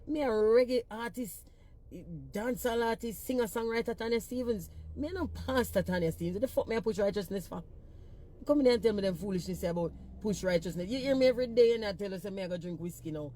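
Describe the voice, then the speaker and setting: A woman's voice: fairly high pitch, fast, dark tone, a little hiss or hum. A woman with a thick Jamaican Patois accent, a singer-songwriter ranting bluntly and with profanity in a casual social media talk.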